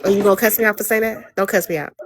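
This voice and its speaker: A woman's voice: medium pitch, fairly even intonation, racing, faint music behind. A woman hosting a live audio chat room, blunt, teasing and profane in casual talk on a phone mic.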